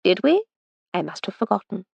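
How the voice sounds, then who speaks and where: A woman reading an audiobook, voicing a surly, sardonic Edwardian lady who drawls her lines deadpan. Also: medium pitch, fairly quick, creaky, breathy edge, no echo, dull audio, full character voice. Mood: dry.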